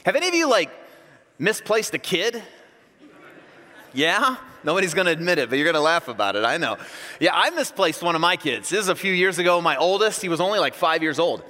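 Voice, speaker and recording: A man in his thirties delivers a sermon in a church hall, telling stories in an animated way and acting out shouts. His voice sits high and sounds bright and forceful. Long reverb from the hall hangs behind him. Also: fairly quick. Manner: storytelling, animated, acts out yelling. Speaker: pastor.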